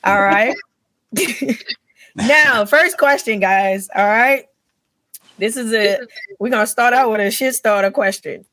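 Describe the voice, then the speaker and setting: A woman's voice: a little high, slow, pauses often, a bit bright, no echo. A young adult woman hosting a casual live podcast, upbeat and teasing, laughing often. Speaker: podcast host.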